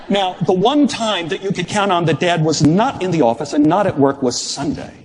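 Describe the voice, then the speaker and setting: A man in his sixties from Dallas telling a personal story live on stage, with expressive, shifting pacing and wry humor. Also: a little high, in a large hall, slight background noise. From Dallas, Texas. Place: stage before an audience.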